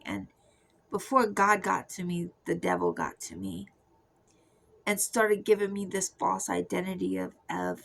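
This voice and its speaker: Soft-spoken woman with vocal fry. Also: on the low side, a little hiss or hum, low-quality recording. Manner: soft confessional, often drifting into a whisper. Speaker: Christian testimony speaker. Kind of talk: personal testimony monologue.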